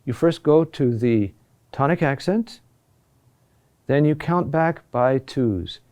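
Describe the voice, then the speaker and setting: A middle-aged man gives a recorded lesson at an unhurried, deliberate pace. His voice is mellow and dark, and he often pauses with fillers and restarts his phrases. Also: mid-range voice, animated. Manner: slow and halting, with many fillers and restarts. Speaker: teacher. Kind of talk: recorded lesson on Latin chant accentuation.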